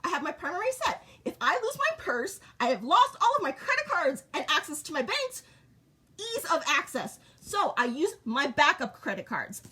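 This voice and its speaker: A woman's voice: high voice, big pitch swings, normal speed, bright, forceful tone. A middle-aged woman vlogging in short, repetitive, blunt sentences. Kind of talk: casual monologue to camera.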